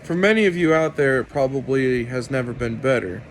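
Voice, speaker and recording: A man delivering an opinionated commentary rant to his viewers, sarcastic and deliberate. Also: medium pitch, a little hiss or hum, poor audio. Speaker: video commentator.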